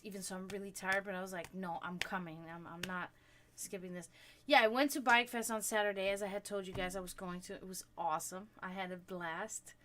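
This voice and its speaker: A woman hosting a livestream, chatting casually with her viewers and telling stories in an animated, profane way. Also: mid-range voice, slight background noise. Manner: chatty, swearing freely, animated storytelling. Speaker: livestream host. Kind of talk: casual chat with stream viewers.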